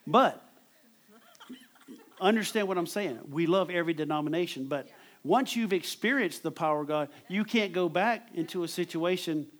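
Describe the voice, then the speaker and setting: A man preaching a sermon in a conversational way, repeating words as he drives home his points. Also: a little high.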